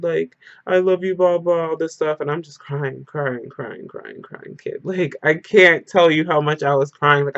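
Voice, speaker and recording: A man's voice: fairly high pitch, no echo. A man talking straight to camera in a casual storytime vlog, telling an emotional story packed with "like". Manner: emotional storyteller, heavy use of "like". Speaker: vlogger. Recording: dull lo-fi dry recording.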